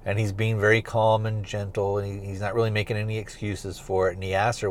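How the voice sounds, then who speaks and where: Low-voiced man rambling through a recap. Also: level tone, brisk, slight background noise. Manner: rambling, heavy on fillers like kinda and you know. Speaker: podcast host reviewing a TV series. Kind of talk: casual episode recap.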